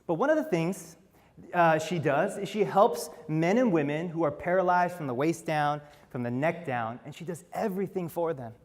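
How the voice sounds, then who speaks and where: A man's voice: on the high side, lively intonation, moderate pace, in a large hall. A man giving a talk on stage, telling stories earnestly and asking the audience rhetorical questions. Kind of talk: storytelling talk.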